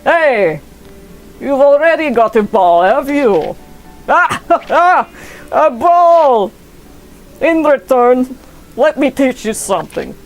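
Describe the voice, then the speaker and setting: A woman putting on a gruff Russian-accented trainer. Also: on the high side, animated, slow, pauses often, soft background music, pitched above the performer's own voice, poor audio. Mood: boisterous. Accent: put-on Russian. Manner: taunting, then hammy and boisterous.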